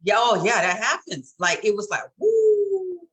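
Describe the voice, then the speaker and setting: A woman's voice: medium pitch, brisk, pushed and bright. A woman co-hosting a casual chat, telling her story candidly and laughing often. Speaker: co-host.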